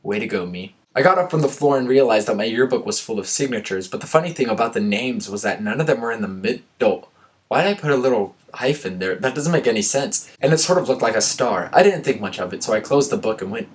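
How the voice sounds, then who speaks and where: A young man reading aloud a story he wrote as a kid, breaking off for sarcastic, self-mocking asides. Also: fairly low pitch. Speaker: vlogger reading his old story. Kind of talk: reading aloud with joking commentary.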